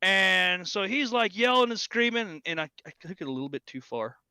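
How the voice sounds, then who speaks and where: A man co-hosting a casual podcast, telling stories animatedly and loudly acting out what people said. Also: high-pitched, brisk, creaky, smooth, no room sound, studio quality. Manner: animated storyteller, acts out quotes loudly. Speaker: podcast co-host. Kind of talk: casual chat.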